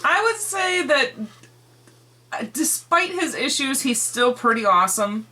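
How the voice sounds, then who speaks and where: A woman's voice: high-pitched, big pitch swings, measured pace, sharp tone. Blunt, swearing woman co-host. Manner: blunt, swears freely, laughs often. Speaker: toy reviewer, co-host. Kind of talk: casual chat review.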